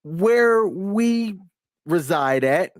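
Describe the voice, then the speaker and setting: A man's voice: high-pitched, lively intonation, drawn-out words, no echo, clean studio sound. A man, co-hosting a casual reaction chat in a laid-back, teasing way. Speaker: co-host.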